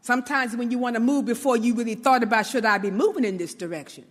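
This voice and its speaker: A woman's voice: fairly high pitch, fast talker, in a large hall. A woman from Brooklyn, giving an informal motivational talk and often checking in with "right?". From New York, Brooklyn. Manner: conversational, often asks "right?", acts out little quotes.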